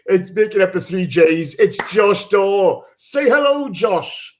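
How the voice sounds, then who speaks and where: A man's voice: sits high, lively intonation, slow pace, slight background noise. A man hosting a live football podcast, teasing his co-hosts, swearing freely and reading out listener names. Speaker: podcast host. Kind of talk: casual live podcast chat.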